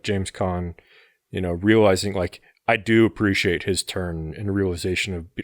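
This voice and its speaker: A man's voice: low-pitched, no room sound, clean studio sound. A man on a movie podcast who talks casually, packing his speech with fillers like "like" and "you know.". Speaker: podcast co-host. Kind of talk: casual movie-review chat.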